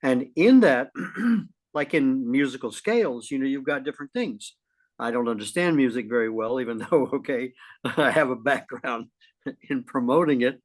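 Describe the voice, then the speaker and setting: A middle-aged man co-hosting a casual talk show, folksy and lively, often clearing his throat. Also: medium pitch, normal speed. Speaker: podcast co-host. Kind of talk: casual conversational chat.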